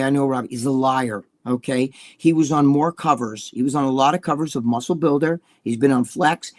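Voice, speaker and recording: A man's voice: mid-range voice, a little mellow. A man co-hosting a talk show, ranting in heated casual chat, swearing, repeating himself and acting out quoted people. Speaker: podcast co-host.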